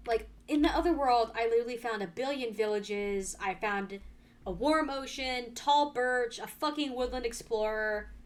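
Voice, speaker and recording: Excitable, foul-mouthed woman gaming streamer. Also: on the high side. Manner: excitable, swears freely, swings from quiet muttering to loud exasperated outbursts. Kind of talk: casual gameplay commentary.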